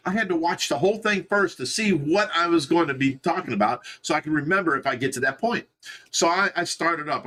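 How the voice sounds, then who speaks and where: Midwestern guy rambling casually on a home stream, voice a bit on the high side. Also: a little fast, sharp tone. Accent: Midwestern American. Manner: rambling, restarts, laughs at himself. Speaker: fish rescue co-host. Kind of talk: casual livestream chat. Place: indoors at home.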